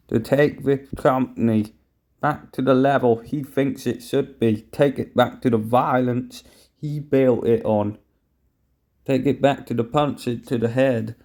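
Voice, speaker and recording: A man's voice: mid-range voice, darkish tone. A young man giving outraged play-by-play wrestling commentary, swearing and talking to viewers as guys.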